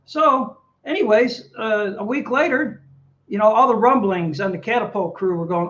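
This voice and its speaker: A man's voice: high-pitched, moderate pace, muffled recording. A man, a navy veteran, telling his service stories in an interview and acting out the dialogue. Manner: animated anecdotes, acts out dialogue. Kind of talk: storytelling interview.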